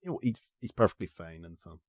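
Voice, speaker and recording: Low-voiced Northern Irish man, chatty. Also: expressive, quick pace, no echo, clean studio sound. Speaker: podcast guest. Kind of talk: casual film review chat.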